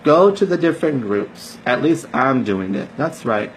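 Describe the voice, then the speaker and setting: A man's voice: mid-range voice, animated, moderate pace, slight background noise, rough recording. A man, a network marketer, giving a casual motivational talk to his team, emphatic and preachy, repeating phrases for stress.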